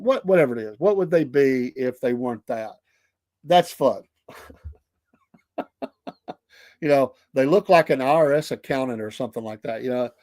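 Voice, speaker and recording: A man's voice: medium pitch, no echo. A middle-aged man with a Southern US accent, hosting a casual talk show and telling stories with laughter and acted-out voices. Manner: animated, laughing storyteller who acts out quoted voices. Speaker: podcast host. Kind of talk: casual storytelling chat.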